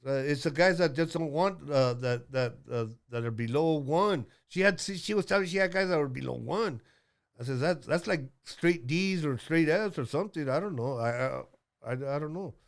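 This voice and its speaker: A man's voice: on the high side, lively intonation, normal speed, vocal fry. A man in his sixties telling a rambling story as a guest, blunt and profane, with lots of fillers and restarts. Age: 60s.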